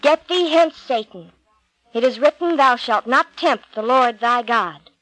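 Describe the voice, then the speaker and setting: Woman reading Jesus, solemn, measured, authoritative, storybook, dry sound. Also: on the high side, pushed and bright, no room sound, low-quality recording. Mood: stern. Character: calm, authoritative Jesus, adult man.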